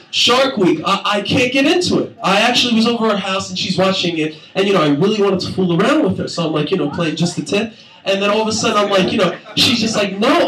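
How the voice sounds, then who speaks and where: A man's voice: sits high, recorded from a distance. Young man, stand-up comedian, crude, rambling, live audience, echoey club, crowd noise. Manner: crude, rambling, laughs at own jokes.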